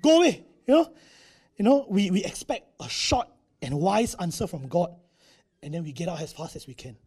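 High husky male preacher. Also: big pitch swings, normal speed, darkish tone. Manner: conversational, acts out quotes, tag particles. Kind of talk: sermon.

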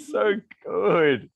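A man's voice: high-pitched, creaky. A man co-hosting a casual podcast chat, laughing and swearing often. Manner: laughing, swearing, mocking impressions. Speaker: podcast co-host.

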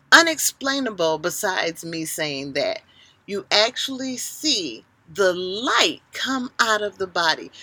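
A middle-aged woman co-hosting a casual podcast, an animated storyteller who swings between loud and soft. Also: medium pitch, no echo. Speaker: podcast co-host.

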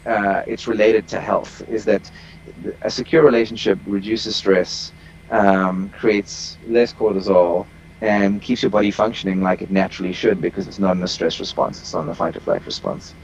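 A man with a low, gravelly voice talks as a relationship coach on an interview call. He explains in long, winding sentences full of ums and self-corrections. The sound has a faint hiss behind it. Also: normal speed, highs cut off. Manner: explanatory, long rambling sentences with many fillers.

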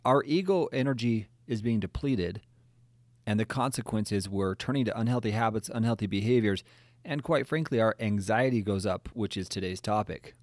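A man's voice: lowish voice, moderate pace, a little mellow, no echo, clean studio sound. A middle-aged male clinician co-hosting a podcast, explaining earnestly and asking rhetorical questions. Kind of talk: conversational discussion.

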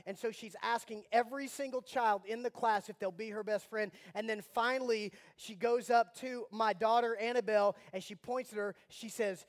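Preacher guy, high-pitched, tells stories all worked up, goes from quiet prayer to loud. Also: normal speed, hardly any pauses. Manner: animated storytelling, mock outrage, swings from soft prayer to loud. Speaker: pastor. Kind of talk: sermon.

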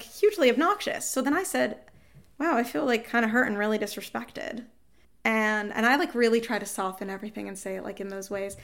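A woman telling a frank, animated story about fights with her partner, quoting both sides, swearing and laughing ruefully. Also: fairly high pitch, brisk, vocal fry. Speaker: guest seeking advice. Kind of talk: candid emotional storytelling.

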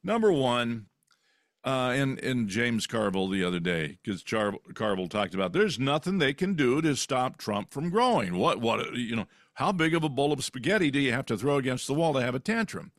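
A man hosting a political talk show, forceful, with a lot of "you know" between points. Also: mid-range voice, big pitch swings, moderate pace, no room sound, studio quality.

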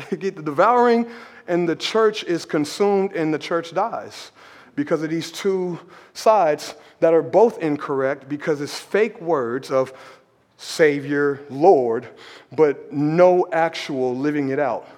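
A man preaching a sermon as pastor, emphatic and animated, repeating words for effect and calling out to the congregation. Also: fairly high pitch, long reverb tail. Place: church hall.

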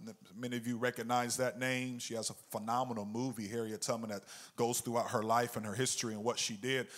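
A male pastor preaching a sermon, reading scripture slowly and deliberately, with his voice rising and growing louder on key verses. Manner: slow, deliberate Bible reading that swells louder and higher.

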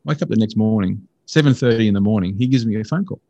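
An Australian man telling a personal faith story in a casual, earnest and excitable way. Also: fast talker, dry recording, dull audio. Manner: earnest, excitable, jumps into high voices for quotes.

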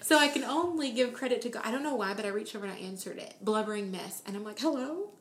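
A woman's voice: medium pitch, fairly even intonation, quick pace, roomy sound. A woman in her thirties sharing a personal faith testimony in earnest, emotional storytelling, acting out the quoted voices of others.

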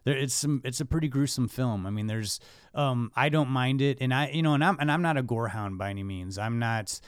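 A man hosting a casual film podcast, rambling with many fillers and restarts and trailing off quietly. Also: medium pitch, a little fast, clear, resonant tone, dry recording, studio quality. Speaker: podcast host.

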